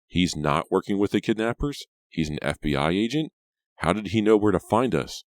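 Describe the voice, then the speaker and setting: A man's voice: deep voice, lively intonation, moderate pace, darkish tone, no room sound, studio quality, pitched above the performer's own voice. A man voicing an alarmed teenage girl in an audiobook, speaking in a lifted, urgent voice. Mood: bewildered.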